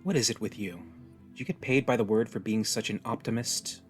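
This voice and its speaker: A man's voice: on the low side, fairly quick, soft background music, natural voice. A man voicing a tough, jaded young woman stranded on an alien world, speaking bluntly and wearily. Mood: tense. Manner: blunt, weary, resigned.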